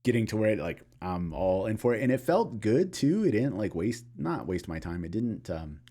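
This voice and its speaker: A man's voice: on the low side, sing-song, normal speed, dark tone. A man co-hosting a gaming podcast, chatting casually and rambling with lots of fillers and restarts. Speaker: podcast co-host. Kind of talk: casual chat.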